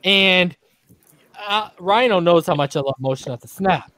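A tearful, earnest man, slightly high. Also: animated, normal speed, sharp tone, no echo. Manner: emotional, repeats himself, earnest. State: crying. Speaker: podcast host. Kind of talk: casual sports talk livestream. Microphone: streaming setup, remote call.

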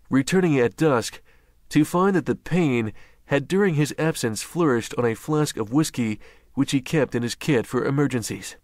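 In scripted audiobook narration, a man tells the story in a measured, even manner. His pitch is medium, and the studio-quality recording has no echo.

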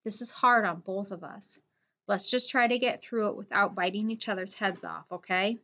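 A woman's voice: medium pitch, moderate pace, sharp tone. Woman reading as a curt bossy boy. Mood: firm. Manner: curt, commanding. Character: determined bossy boy leading a friend.

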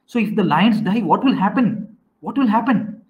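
A man teaching an online class, quizzing students and often repeating himself with halting restarts. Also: sits high, animated, narrow, tinny audio.

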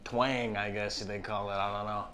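A man's voice: lowish voice, level tone, moderate pace, pushed and bright. A man hosting a casual comedy interview, ribbing his guest with a lot of swearing. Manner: teasing, profane, ribbing. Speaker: host. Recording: faint background noise.

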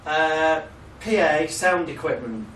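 A man's voice: a little high, animated, slow, a bit bright, roomy sound, recorded from a distance, a little hiss or hum, poor audio. Chatty man telling stories to a class. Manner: swears freely, laughs at own stories, loose and chatty. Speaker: hypnotherapy trainer. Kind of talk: casual storytelling lecture.

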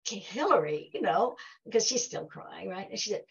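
Gravelly low-voiced woman telling a story. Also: expressive, moderate pace, lo-fi sound. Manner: heartfelt storytelling, acts out quoted dialogue. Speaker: guest speaker. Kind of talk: speaking to an audience at a talk.

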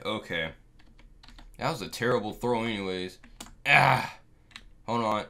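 A young man giving casual gameplay commentary, loud and excitable, yelling at the game and swearing freely in slang. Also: lowish voice, a little slow, vocal fry, background noise. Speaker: gaming YouTuber.

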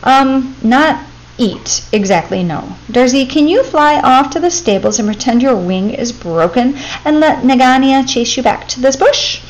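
A woman's voice: high-pitched, animated, measured pace, dull audio, pitched above the performer's own voice. A woman voicing a brave, boastful young male mongoose who issues eager, defiant challenges in a storybook. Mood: scheming.

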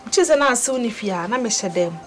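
Casting: a woman as a resolute Ghanaian wife, fairly high voice, over clear film music. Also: animated, racing, close to an everyday voice. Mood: complaining. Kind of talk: film acting. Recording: film score clearly underneath.

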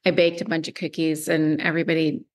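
A middle-aged woman, a guest artist in a casual interview, modest and agreeable, quick to laugh. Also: low voice, level tone.

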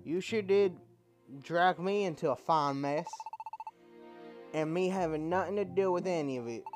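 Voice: medium pitch, normal speed, music in the background, pitched above the performer's own voice, natural voice. A gamer voicing a kindly folksy male Pokemon in an American Southern drawl, reading video game dialogue aloud with homespun turns of phrase. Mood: gruff.

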